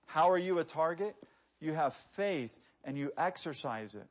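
A man with a high-pitched voice delivers a sermon. He talks easily with his listeners and throws rhetorical questions at them. When he reads scripture, his emphasis builds. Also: lively intonation, moderate pace. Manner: conversational, quoting scripture with rising emphasis; asks the congregation rhetorical questions. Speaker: preacher.

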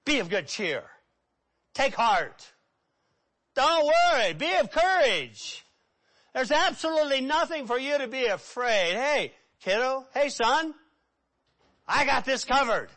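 A man preaching who acts out a gentle, reassuring figure comforting a sick man with tender encouragement. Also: very high-pitched, sing-song, takes it slowly, pauses often, pitched above the performer's own voice, exaggerated voice.

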